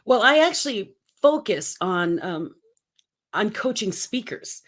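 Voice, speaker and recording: A woman's voice: medium pitch, big pitch swings, slow pace. Emphatic motivational woman in her fifties. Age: 50s. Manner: emphatic, punchy short phrases. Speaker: guest, speaking coach. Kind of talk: energetic motivational interview talk.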